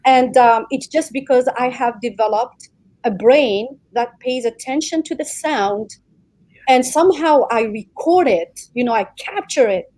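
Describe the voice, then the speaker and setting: Animated woman guest, fairly high voice. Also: rough recording. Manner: animated, explains with examples and repetition. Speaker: guest, speaker and coach. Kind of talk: conversational interview answer.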